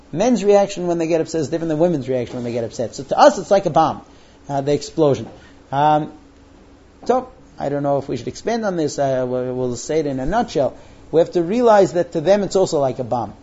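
A man's voice: on the high side, dark tone. A man teaching a lesson to young men, telling stories with humor and frequent restarts. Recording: dull lo-fi recording.

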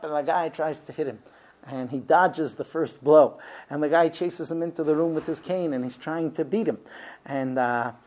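A man's voice: fairly high pitch, a little mellow. A man giving a Torah lesson, telling a story with many ums and uhs. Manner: hesitant, frequent ums and uhs. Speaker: Torah teacher. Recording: dull lo-fi recording.

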